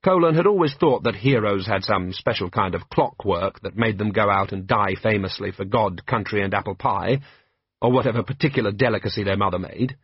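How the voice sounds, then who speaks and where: A man's voice: lowish voice, brisk, husky, no room sound, dull audio. A man reading a comic fantasy novel in a dry, wry narrative manner. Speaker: audiobook narrator. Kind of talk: scripted narration.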